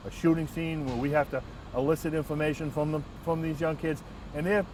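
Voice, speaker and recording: A man, a transit police lieutenant, telling a work anecdote in an earnest, measured way with frequent restarts. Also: fairly high pitch. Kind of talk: first-person anecdote and reflection. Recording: distant mic, faint outdoor traffic noise.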